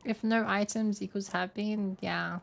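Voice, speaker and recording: This streamer, in her twenties, has a mid-range voice with a steady tone, a measured pace, and vocal fry, and the recording carries a little hiss or hum. She reads chat and plays a game, chatting playfully with viewers, giggling, and thinking out loud.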